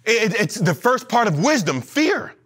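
High bright voice, guy preaching in church, lively and jokey. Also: a little slow, breathy edge. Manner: animated preaching with playful asides and acted quotes. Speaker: pastor. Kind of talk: sermon. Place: church sanctuary.

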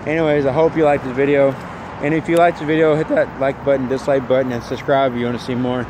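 Man, mid-pitched, venting angrily on his phone with traffic noise all around. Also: little pitch movement, quick pace. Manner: upset, ranting, swearing. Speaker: vlogger. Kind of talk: ranting phone vlog. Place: outdoors at a work site, near traffic.

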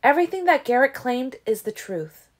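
A woman's voice: sits high, sing-song, moderate pace, pitched above the performer's own voice. A woman reading as a blunt small vampire woman. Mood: firm. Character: small bold female vampire witness. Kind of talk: audiobook character reading.

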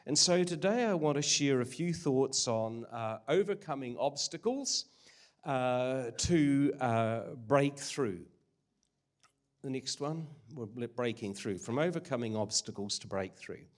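A man's voice: medium pitch, lively intonation, a little slow. An older man preaching a sermon, earnest and conversational with frequent hesitations. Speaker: guest preacher.

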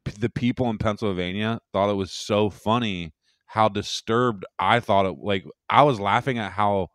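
Low, smooth-voiced man, boastful chatter. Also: steady tone, moderate pace, a bit bright, no echo, studio quality. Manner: profane, boastful, rambling storytelling. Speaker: podcast co-host and stand-up comic. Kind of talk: casual podcast chat.

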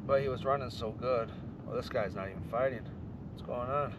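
Excited ice-fishing man, off-mic. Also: medium pitch, a little fast. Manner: excited, talks to viewers while ice fishing. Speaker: fishing vlogger. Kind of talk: casual outdoor commentary. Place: outdoors on a frozen lake. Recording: outdoor wind noise, distant mic.

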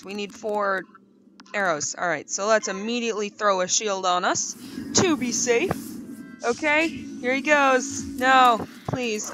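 A young woman giving playful, chatty commentary over her gameplay, often jumping to high, excited bursts. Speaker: gaming YouTuber.

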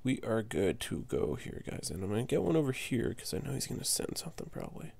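A man giving casual commentary on his own strategy match, muttering to himself and jumping to high, exasperated yelps when things go wrong. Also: very animated, quick pace, creaky, darkish tone, slightly rough.

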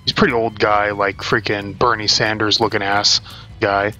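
A man's voice: on the low side, flat delivery, moderate pace, bright, forceful tone, faint music behind. A young adult man casually chatting and swearing while he plays a game at his desk at home. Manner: rambling and profane, chatting while playing. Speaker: gaming channel host. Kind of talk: casual let's-play commentary.

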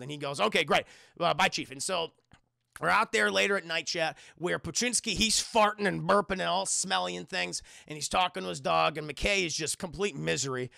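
A man's voice: sits high, gravelly, pushed and bright, no echo, studio quality. A man streaming a casual, rambling review of a TV show, swearing often and talking to his chat. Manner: rambling and profane, addresses chat. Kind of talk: casual live-stream commentary.

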